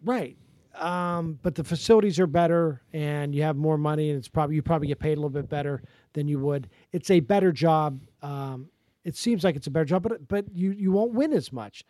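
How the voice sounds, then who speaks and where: Man, podcast host, rapid-fire talker, slightly high voice, dry close sound. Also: dry recording. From Pennsylvania. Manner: rapid, animated, restarts sentences. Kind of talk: casual sports talk.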